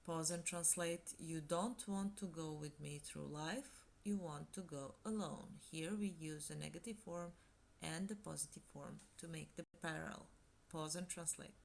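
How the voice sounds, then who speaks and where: Slow, gravelly-voiced woman teaching a language. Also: sits low, slight background noise. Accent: Montenegrin. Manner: slow and deliberate, pausing between phrases. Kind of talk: slow, scripted language lesson.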